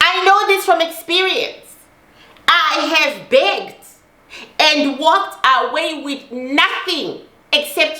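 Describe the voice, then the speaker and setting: A woman's voice: high-pitched, bright, forceful tone, echoey room. A middle-aged woman giving an intense personal monologue, emphatic and repeating lines for force, swearing as she talks. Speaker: host.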